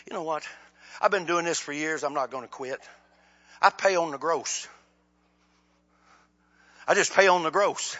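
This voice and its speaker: A man preaching a sermon, swinging from shouted appeals to low, quiet asides. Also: normal speed, pauses often, muffled recording. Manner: impassioned, rises to shouts then drops low.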